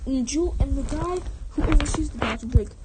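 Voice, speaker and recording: High-voiced woman rambling through a story. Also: brisk, heavy background noise. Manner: rambling, with frequent restarts and self-corrections. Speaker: fan story narrator. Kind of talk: unscripted story narration.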